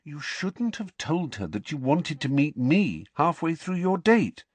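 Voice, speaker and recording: A man's voice: on the high side, very animated, a little slow, husky, dry recording, pitched above the performer's own voice, exaggerated voice. A man voicing a clever teenage girl who explains things with a maddeningly patient air. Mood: patiently explaining. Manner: patient, lecturing.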